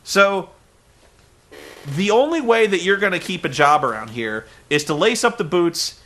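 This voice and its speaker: Man doing a bossy scheming wrestling exec, blunt, bright and forceful. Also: high voice, very animated, a little slow, full character voice. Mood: mocking. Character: scheming male wrestling boss, bossy and curt.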